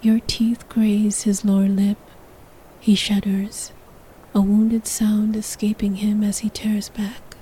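A woman's voice: mid-range voice, monotone, slow pace, warm tone, slight background noise, rough recording. A woman narrating a sensual story in the second person, in a whispered role-play.

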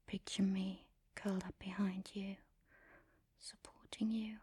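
A woman in a whispered role-play, speaking in a slow, commanding, teasing whisper close to the mic. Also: medium pitch, flat delivery, a little mellow, dry recording. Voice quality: breathy.

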